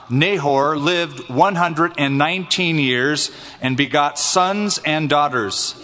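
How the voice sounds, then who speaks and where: A man leading a Bible study in an earnest, explaining manner, reading verses and pausing to clarify. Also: on the high side, sharp tone, big-room sound.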